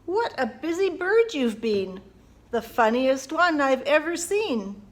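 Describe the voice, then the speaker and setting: Woman children's librarian, high and slow, playful storytime reader who leads kids in actions. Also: big pitch swings. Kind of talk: family storytime reading for young children.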